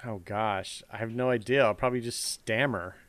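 A man's voice: fairly low pitch, moderate pace, crowd noise. A man co-hosting a podcast, speaking in an earnest, enthusiastic way. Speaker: podcast co-host. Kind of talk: casual chat.

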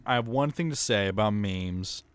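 A man co-hosts a casual podcast with a smooth, resonant voice. He makes dry jokes in a relaxed way. The recording is close and dry, with no room sound. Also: lowish voice, moderate pace, no echo. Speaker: podcast co-host. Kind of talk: casual chat.

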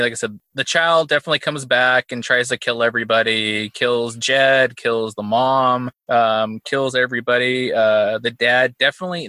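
Man, podcast host, bright tense tone, dry close sound, easygoing and laughing. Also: medium pitch, dry recording. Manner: laughing, easygoing, leads the discussion. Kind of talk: casual movie review chat.

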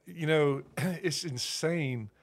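A man in a casual podcast chat, talking haltingly and restarting his sentences. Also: fairly high pitch, a crowd in the background.

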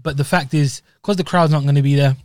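A man's voice: fairly high pitch, steady tone, fast, no room sound. British guy chatting on a fight podcast, lots of "you know what i mean", dry room. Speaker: podcast co-host. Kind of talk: casual chat.

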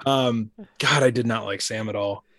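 A man's voice: fairly low pitch, steady tone, normal speed, a bit bright, dry recording, studio quality. A man in casual film chat, ranting bluntly about a character he disliked.

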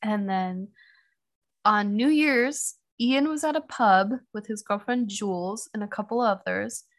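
A woman's voice: medium pitch, unhurried. Chatty young woman recapping a case. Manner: chatty, heavy use of "like" and "um". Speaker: podcast co-host telling a true crime case. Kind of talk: casual chat.

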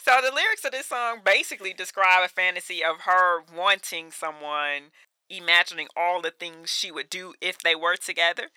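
A woman's voice: on the low side, normal speed, bright, forceful tone, clear, resonant tone, dry recording. A woman in her thirties co-hosting a podcast, chatting casually and animatedly, laughing often and filling her talk with "like" and "you know.". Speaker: podcast co-host. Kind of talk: casual chat.

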